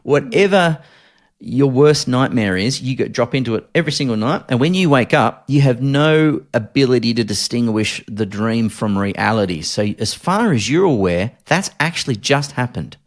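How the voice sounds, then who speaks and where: A man in his forties with an Australian accent, recounting a hard time as a podcast guest, earnest and halting with many restarts. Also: medium pitch, lively intonation. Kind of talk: candid interview storytelling.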